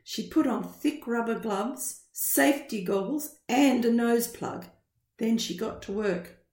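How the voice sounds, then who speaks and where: A woman reads a children's picture book aloud, slowly and with animated, sing-song expression. Her voice sits fairly high for a woman. The recording has a roomy echo. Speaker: storyteller.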